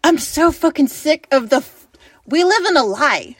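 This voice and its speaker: Furious high-voiced woman ranting. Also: animated, no room sound, faint music behind. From United States. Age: late 20s. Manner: furious, profane, rapid-fire rhetorical questions. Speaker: vlogger. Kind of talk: angry political rant to camera.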